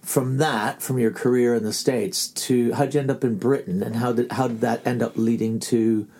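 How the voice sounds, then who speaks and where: Male interviewer, casual and encouraging, mid-pitched mellow voice. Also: steady tone, normal speed. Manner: encouraging, frequent short agreements.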